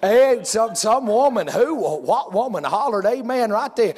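High-voiced preacher, folksy and hollering. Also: male voice, lively intonation, unhurried, darkish tone, breathy edge, long reverb tail. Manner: folksy storytelling, rising to hollering. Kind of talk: sermon.

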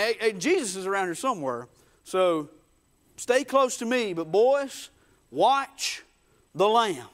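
A high-pitched man preaches a dramatic, folksy storytelling sermon. He swings between hushed murmurs and loud bursts.

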